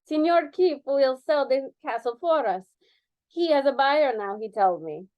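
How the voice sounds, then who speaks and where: A woman's voice: sits high, lively intonation, a little slow, muffled recording, pitched above the performer's own voice. A woman reading aloud, voicing a boastful, theatrical woman dancer in a put-on mock Spanish accent and broken English. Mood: haughty. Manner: grand, haughty, broken English.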